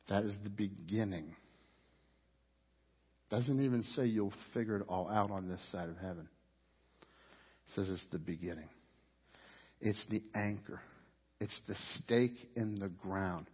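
Impassioned preacher in an echoing hall. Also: male voice, fairly low pitch, breathy edge. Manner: impassioned preaching, rising to near shouts when voicing complaints to God. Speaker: pastor. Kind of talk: sermon. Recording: dull sound with long hall reverb.

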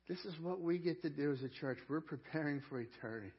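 Husky male pastor preaching with emphasis. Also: on the high side, fast talker, hardly any pauses, dull audio. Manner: emphatic preaching, swinging from loud proclamation to hushed storytelling; repeats key phrases for emphasis. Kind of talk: sermon.

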